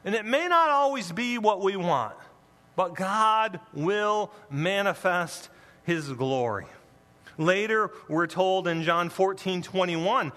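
A man's voice: high voice, animated, slow, sharp tone. A man preaching a sermon as pastor, emphatic, with playful asides to the congregation, in a church. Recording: long reverb in a large hall.

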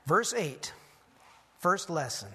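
High-voiced preacher in a reverberant hall. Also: male voice, very animated, slow pace, pushed and bright, slightly rough. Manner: earnest preaching, teaching in lettered points. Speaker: pastor. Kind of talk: expository sermon.

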